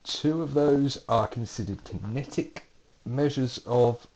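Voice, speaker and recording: A man's voice: mid-range voice, slow pace, mellow. A man, a university lecturer, reading out multiple-choice quiz questions with playful dry asides.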